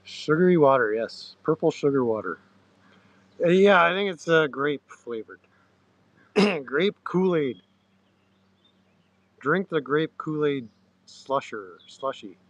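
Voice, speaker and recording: A man hosting a livestream, chatting loosely to viewers with crude slang, halting restarts and frequent throat-clearing. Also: fairly high pitch, lively intonation. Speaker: livestream host. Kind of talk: rambling casual chat to viewers.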